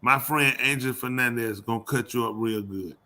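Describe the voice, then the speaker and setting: Teasing bright-voiced male show host. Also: mid-range voice, normal speed. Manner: teasing, loud, uses dialect grammar. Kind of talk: casual radio chat.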